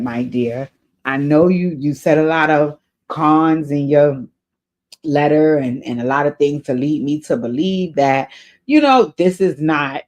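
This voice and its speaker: An earnest woman hosts an advice show, answering a viewer's letter in casual spoken counsel. She talks in an encouraging, faith-minded way and repeats her key points for emphasis. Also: sits low. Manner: spiritual advice. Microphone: off camera, voice only.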